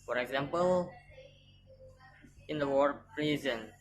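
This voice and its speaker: A woman with a low voice reads a phonetics lesson at an unhurried, careful pace. She repeats example words one by one and sounds them out deliberately. A faint hiss of noise sits under her voice. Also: low-quality recording. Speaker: student presenter. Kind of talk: reading a phonetics lesson aloud.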